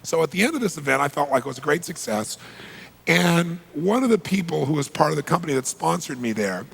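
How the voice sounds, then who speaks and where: A man with a deeply gravelly, husky voice delivering a motivational seminar talk. He tells stories and throws questions at the audience, in a pitch slightly above the usual for a man. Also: expressive, a little fast, a bit bright, big-room sound. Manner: storytelling, asks the audience questions. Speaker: seminar speaker.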